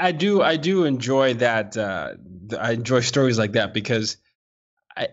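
Low-ish guy hosting, recapping what his guest said, kinda muffled recording. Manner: affirming, summarizing the guest's points. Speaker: podcast host. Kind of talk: conversational interview. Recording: dull, lo-fi sound.

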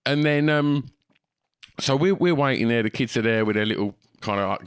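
A middle-aged man with an Essex accent, hosting a casual podcast and telling a sweary, relaxed anecdote. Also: medium pitch, moderate pace, smooth, dry recording, clean studio sound. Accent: Essex English.

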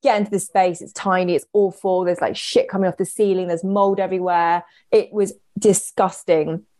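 A woman's voice: lowish voice, level tone, normal speed, mellow, dry recording. A young woman casually telling a story, chatty and swearing, acting out the voices she quotes.

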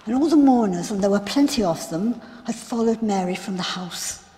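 A woman playing a grieving biblical sister in a first-person dramatic monologue, telling her story in an earnest, reflective, halting way. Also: mid-range voice, expressive, dark tone, close to an everyday voice. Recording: long hall reverb.

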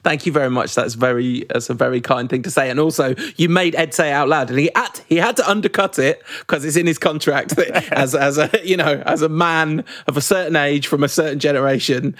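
A man's voice: a little high, fairly quick, hardly any pauses, fairly bright tone, no room sound, studio quality. A man co-hosting a podcast in casual, jokey chat, rambling with restarts. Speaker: podcast co-host leaving the show.

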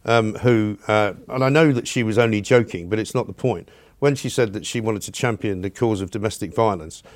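A man's voice: on the low side, no echo. A man from London hosting a radio podcast, blunt and opinionated in casual chat. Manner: blunt, opinionated, fast-talking. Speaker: radio host.

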